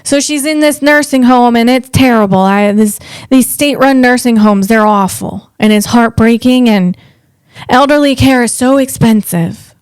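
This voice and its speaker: A woman's voice: on the high side, moderate pace, smooth, no echo. A woman from the Northeast US hosting a casual comedic podcast, chatty and rambling, often restarting her sentences.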